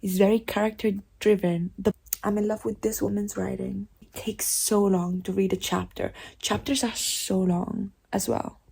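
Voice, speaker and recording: A young woman in her twenties chatting casually about books she is reading, animated and openly emotional. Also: mid-range voice, moderate pace, vocal fry. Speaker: book vlogger. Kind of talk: casual chat.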